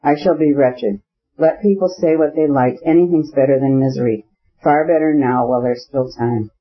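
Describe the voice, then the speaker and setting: A man's voice: medium pitch, normal speed, lightly acted. A man voicing an anxious, jealous young man in a storybook reading, gloomy and imploring. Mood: despairing. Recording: slightly muffled audio.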